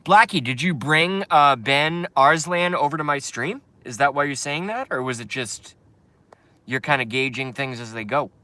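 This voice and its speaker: Bright-voiced man ranting on a live stream. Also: medium pitch, expressive, normal speed, no echo. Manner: profane, ranting, talks to chat viewers. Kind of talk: casual live stream rant.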